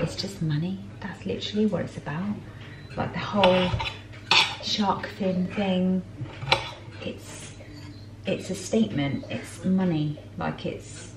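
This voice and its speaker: A woman from southern England chatting casually on a family vlog, cooing at pets and kids. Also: sits low. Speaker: family vlogger. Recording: loud background noise.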